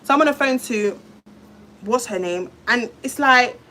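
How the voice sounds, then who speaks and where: A woman's voice: fairly high pitch, unhurried, sharp tone, slight background noise. A woman on a live stream, telling her viewers a heated personal story in a blunt, swearing, direct way. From London. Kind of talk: emotional live-stream rant.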